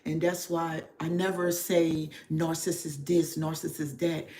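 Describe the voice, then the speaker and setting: A middle-aged woman giving a confessional livestream talk as a spiritual therapist, getting emotional and speaking slowly and reflectively with many pauses and fillers. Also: deep voice, level tone, mellow.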